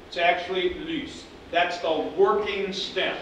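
A man's voice: on the high side, fairly even intonation, slow, few pauses, a bit bright. A man teaching a class, talking in a conversational, digressive way and repeating points for emphasis. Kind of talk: classroom lecture. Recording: echoey classroom, speaker far from mic, background noise.

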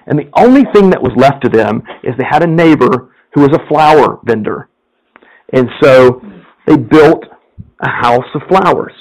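High-pitched preacher guy, laughs a lot while telling his sermon story. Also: a little slow, rough recording. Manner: chuckling, animated storyteller. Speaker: campus minister.

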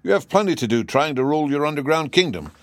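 A man voicing a calm, blunt army general who speaks in a steady, dry manner. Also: fairly high pitch, fast talker, no echo, pitched above the performer's own voice.

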